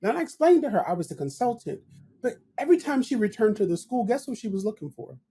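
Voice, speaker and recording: A man speaks as a podcast guest with a soft, mellow tone and a slightly breathy, husky edge. He talks in a reflective, conversational way and works through ideas with examples. His voice sits a little higher than most men's. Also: very animated, fast. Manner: reflective, explains with examples and asks "right?". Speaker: guest, professional development director.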